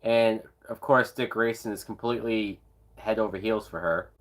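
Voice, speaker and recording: A man's voice: on the low side, steady tone, moderate pace. A tipsy man giving sarcastic, profanity-laced live commentary while watching a movie, breaking into whooping laughs. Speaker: movie reviewer.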